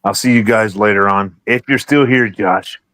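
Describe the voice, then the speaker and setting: A man's voice: lowish voice, moderate pace, fairly bright tone, no room sound. Easygoing man in a casual chat.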